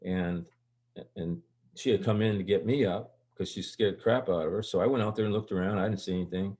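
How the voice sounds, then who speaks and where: An older man with a fairly low voice tells stories as an interview guest. He rambles and restarts sentences as he goes. When he acts out what people said, his voice jumps sharply higher and gets livelier. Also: fairly quick. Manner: rambling, animated, jumps high for quoted lines. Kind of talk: casual storytelling.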